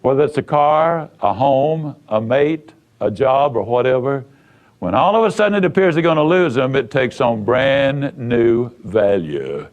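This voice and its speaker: A man's voice: medium pitch, lively intonation, measured pace, dull audio. Man, motivational speaker, from the United States, folksy storytelling, emphatic. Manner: emphatic and folksy, with repetitions and acted-out dialogue.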